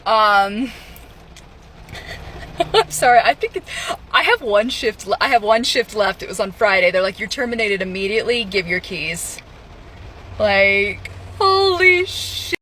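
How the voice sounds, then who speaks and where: A woman's voice: mid-range voice, big pitch swings, sharp tone, slight background noise. A young woman in a casual vlog, sarcastically telling how she was fired from her retail job. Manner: sarcastic, laughing, quick asides.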